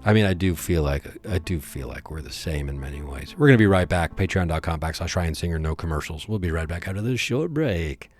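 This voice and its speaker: Deep-voiced man rambling on a podcast. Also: animated, a little fast, few pauses, soft background music. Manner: rambling, jokey, earnest. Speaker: podcast host. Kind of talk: casual comedic monologue.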